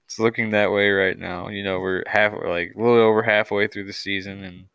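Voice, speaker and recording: A man co-hosting a casual sports chat, relaxed and quick to laugh. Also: lowish voice, clean tone, no echo. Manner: laid-back, laughs often. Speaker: podcast co-host.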